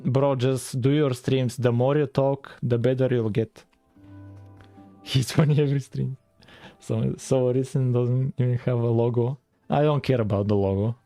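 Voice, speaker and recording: A man with a mellow, relaxed voice and a French-tinged accent, streaming while he codes. He rambles and chats loosely with his viewers, full of fillers. Soft music plays faintly behind him. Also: mid-range voice, a little slow, no room sound. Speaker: game-dev streamer. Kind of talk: casual live-stream chat while coding.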